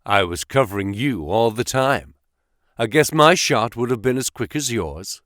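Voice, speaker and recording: A man voicing a bold young male outlaw who talks calmly and cockily in an audiobook. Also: mid-range voice, a little slow, dry recording, clean studio sound. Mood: cool.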